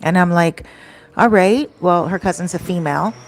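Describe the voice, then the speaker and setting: A woman's voice: on the low side, steady tone, fairly quick. A woman telling a story to camera in a chatty vlog, acting out what people said, into a microphone. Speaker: storytime vlogger.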